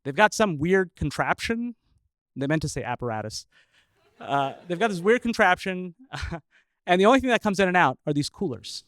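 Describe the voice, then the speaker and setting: A man who is a scientist telling a personal story live, chuckling often and pausing with filler uhs. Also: sits high, sing-song, fairly bright tone, no room sound.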